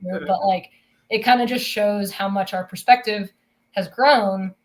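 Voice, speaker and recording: A woman's voice: mid-range voice, steady tone, measured pace. A woman co-hosting a casual faith podcast, explaining her view in a thoughtful, fluent way. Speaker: podcast co-host.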